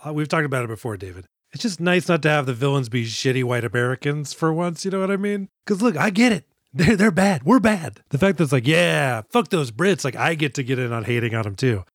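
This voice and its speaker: A man's voice: a little high, expressive, fast talker, hardly any pauses, no echo. Man for a casual movie podcast, jokey and crude, recorded dry. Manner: joking, swears, acts out scenes. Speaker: podcast co-host.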